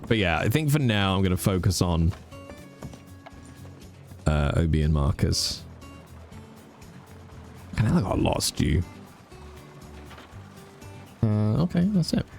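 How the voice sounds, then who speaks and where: Man chatting casually on stream, lively pitch. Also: slow pace, vocal fry, long pauses. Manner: rambling, swears freely. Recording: music playing behind.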